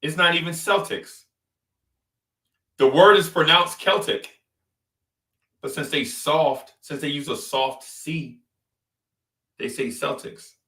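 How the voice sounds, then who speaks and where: Animated trash-talking New man. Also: on the high side, slow, long pauses, echoey room, distant mic. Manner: animated, trash-talking, repeats phrases for emphasis. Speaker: sports podcast host. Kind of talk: casual sports talk rant.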